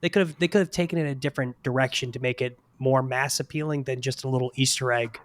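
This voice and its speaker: A man with an average-pitched voice chats on a casual podcast. He is relaxed and thinks out loud as he goes. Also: quick pace. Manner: easygoing, laughs along, thinks aloud.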